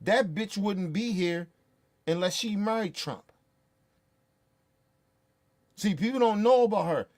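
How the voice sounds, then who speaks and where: A man ranting in profane, heated commentary, blunt and repetitive. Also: high-pitched. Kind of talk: profane political rant.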